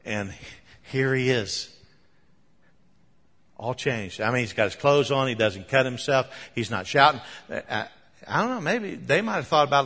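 A man delivers a sermon in a bright, forceful voice that rings through a large, echoing hall. He tells the story in an animated way, breaking into chuckles and sudden emphatic bursts. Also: mid-range voice. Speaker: preacher.

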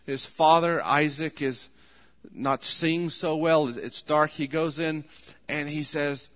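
A man preaching a sermon in an earnest tone, voice rising to loud pleading when he quotes. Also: a little high, fairly even intonation, slow pace. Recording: long hall reverb.

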